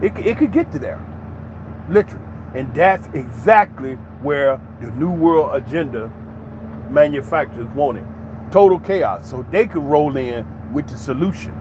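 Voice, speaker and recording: A man's voice: fairly high pitch, animated, normal speed, dull audio, noisy background. A man giving an opinionated commentary monologue in an emphatic, preachy way, with many rhetorical questions. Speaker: commentary channel host.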